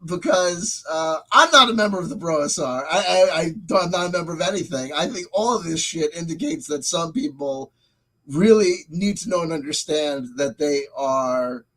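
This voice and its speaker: A man's voice: a little high, lively intonation, normal speed, pushed and bright, rough recording. A man hosting a livestream, giving meandering commentary and answering chat, often restarting and repeating his words. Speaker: channel host reading live chat.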